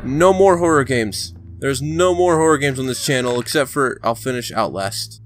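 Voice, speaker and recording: A man giving casual let's play commentary, excitable and talking to the game character, sometimes breaking into shouts. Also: mid-range voice, normal speed, few pauses, over music. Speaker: gaming channel host.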